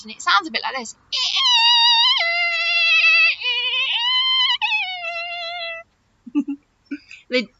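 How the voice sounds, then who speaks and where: A woman teacher reading a picture book aloud to children, expressive and asking them questions as she goes. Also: high-pitched, muffled recording, background noise. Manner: expressive, warm-toned questioning of young listeners.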